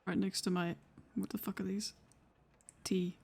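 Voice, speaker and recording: A woman's voice: medium pitch, little pitch movement, a little slow, vocal fry, darkish tone, husky. A Welsh woman trading jokes with the other players of a tabletop game on a live stream. She laughs at almost everything, swears with ease and teases back. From Wales. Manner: laughs often, swears freely, teasing. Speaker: tabletop role-play player. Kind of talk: casual banter on a live stream.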